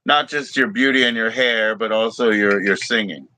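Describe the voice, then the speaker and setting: A man's voice: on the low side, normal speed, noisy background. A man co-hosting a casual livestream chat, joking and teasing, laughing often, heard over a phone video call. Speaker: livestream co-host.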